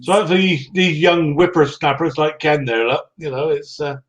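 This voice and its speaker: A man's voice: fairly high pitch, steady tone, fairly quick, highs cut off. A man hosting a casual group video call, friendly and teasing, calling everyone mate. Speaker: livestream host.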